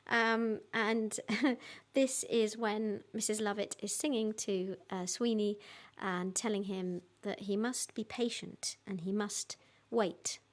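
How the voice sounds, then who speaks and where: A woman singer hosting an online concert, chatting casually to viewers between songs in a friendly way with many ums and restarts. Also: fairly high pitch. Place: at home.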